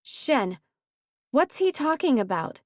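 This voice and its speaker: A woman's voice: sits high, big pitch swings, slow, dry recording, studio quality, voice pushed up, full character voice. A woman voicing a teenage girl thief who is bewildered and pleading. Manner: pleading, rising to outcries.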